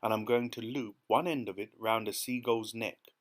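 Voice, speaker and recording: A man voicing an earnest young boy who calmly and steadily explains his plan in an audiobook. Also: fairly low pitch, moderate pace, natural voice. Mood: determined. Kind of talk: audiobook character reading.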